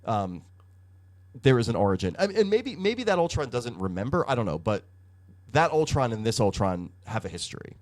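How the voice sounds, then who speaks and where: Male podcast co-host, lively sing-song delivery, profane and chatty. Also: mid-range voice, fairly quick. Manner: animated, profane storytelling with hedging fillers. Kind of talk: casual comic book review chat.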